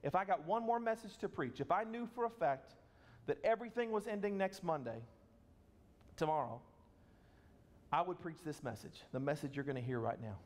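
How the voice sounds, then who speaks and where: High-voiced pastor preaching in a hall. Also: male voice, animated, normal speed, pauses often. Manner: earnest, conversational preaching with emphatic repetitions. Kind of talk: sermon.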